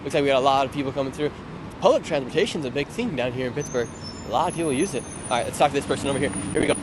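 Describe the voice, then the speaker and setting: A man hosting casual street interviews on a live stream, chatty and upbeat, asking passersby quick friendly questions outdoors on a city street. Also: mid-range voice. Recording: clear street traffic noise. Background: traffic and street noise.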